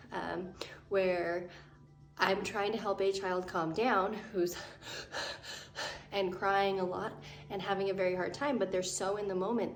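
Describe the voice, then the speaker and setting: Teacher lady in her 30s explaining stuff to camera, friendly, bit far from the mic, echoey room, soft music under it. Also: mid-range voice. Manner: friendly, explains step by step with fillers. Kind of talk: instructional talk to camera.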